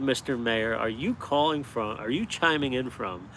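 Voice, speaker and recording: A man from upstate New York chats into his phone on a live stream, chuckling as he tells his stories. He is outdoors and a little street noise hangs behind him. His pitch sits in the middle for a man. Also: normal speed. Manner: animated storyteller, chuckles often. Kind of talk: casual live-stream chat. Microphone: phone held vertically.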